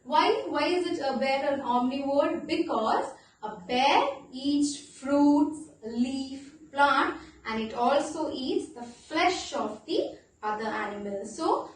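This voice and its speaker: A woman teaching a class of young children, with an Indian English accent, animated and playful, asking questions and spelling words out slowly. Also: high-pitched, very echoey, distant mic, poor audio. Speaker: primary school teacher.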